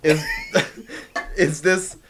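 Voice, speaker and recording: A man co-hosting a casual fan Q&A, thoughtful and hedging, quick to laugh. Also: a little high, fairly even intonation, background noise. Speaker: podcast co-creator answering fan questions. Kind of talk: casual group chat.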